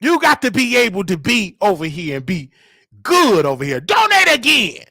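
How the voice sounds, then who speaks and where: A man hosting his own live show, shouting and preaching at his listeners and scolding them for not donating. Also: high voice, very animated, normal speed, vocal fry, no room sound. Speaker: show host. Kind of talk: loud live-stream commentary.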